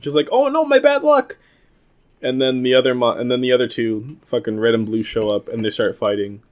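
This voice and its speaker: A man's voice: mid-range voice, level tone, fast talker. A young man co-hosting a casual podcast, recapping an episode in a loose, rambling way. He laughs often and swears freely. He acts out the lines he quotes in goofy voices. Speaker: podcast co-host.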